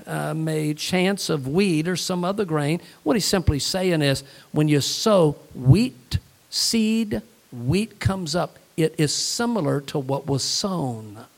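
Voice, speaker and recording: A man delivers a sermon from the pulpit, animated and lively as he moves between reading scripture and telling jokes. His voice sits a little on the high side for a man. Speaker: pastor.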